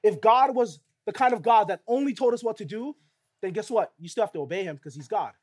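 A man's voice: sits high, a little fast. A middle-aged male pastor preaching a sermon in a conversational way, often asking rhetorical questions of the listeners.

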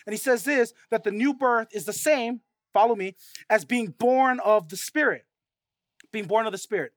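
A high-voiced male pastor in his thirties delivers a conversational sermon, slipping into lively storytelling and quick asides to his church. The sound is close and dry, with no room echo around him. He talks to the congregation like he is chatting with friends.

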